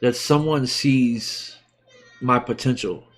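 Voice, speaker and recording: Heartfelt halting man in his forties. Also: mid-range voice, soft background music. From United States. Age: 40s. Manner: halting and heartfelt, many restarts. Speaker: livestream host. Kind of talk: emotional personal talk.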